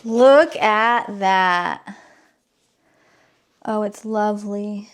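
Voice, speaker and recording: A woman talking casually to her viewers in a vlog, excitable and gushing, with nervous exclamations. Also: mid-range voice, very slow. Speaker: vlogger. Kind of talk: casual unboxing vlog talk.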